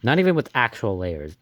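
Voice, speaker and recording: A man giving casual reaction commentary on his own old animation, excitable and rambling, often laughing and gasping between thoughts. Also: mid-range voice, no echo. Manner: excitable and rambling, with many fillers, laughs and gasps.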